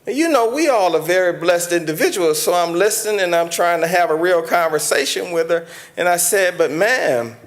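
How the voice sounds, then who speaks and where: A man's voice: high-pitched, animated, moderate pace, few pauses. A man, a mayor giving a preacherly banquet speech from a podium that builds to impassioned peaks. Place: large banquet hall with an audience.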